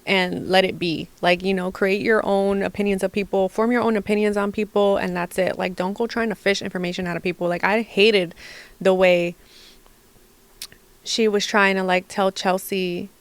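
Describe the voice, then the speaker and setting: A young adult woman hosting a casual gossip podcast, animated and exasperated, full of "like" and swearing. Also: medium pitch, moderate pace, dry recording. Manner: animated, heavy use of "like", profane, exasperated. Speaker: podcast host.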